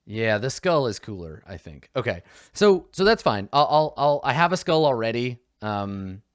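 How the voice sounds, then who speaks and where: Young male player, casual and rambling, expressive delivery, dry recording. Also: mid-range voice, normal speed, smooth, dry recording. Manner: rambling, swearing, muttering to himself. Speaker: player in a tabletop game show. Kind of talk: casual chat while building a character.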